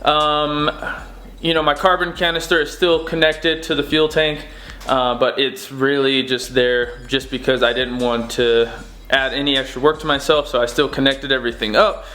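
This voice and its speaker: A young man giving a relaxed, rambling update on his car projects from his home garage, with lots of fillers. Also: medium pitch, normal speed. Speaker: car-build vlogger. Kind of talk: casual garage update vlog. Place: home garage, door open.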